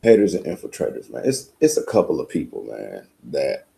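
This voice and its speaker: Gravelly deep-voiced man. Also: huge pitch swings, brisk, dark tone. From United States. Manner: blunt, profane, emphatic. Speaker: podcast host. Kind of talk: casual monologue.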